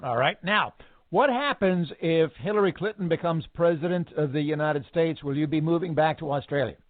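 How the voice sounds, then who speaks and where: A man's voice: fairly high pitch, normal speed, dry recording. A man hosting a radio interview, asking questions in a playful, teasing way. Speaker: radio host. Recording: tinny phone-like sound, dry.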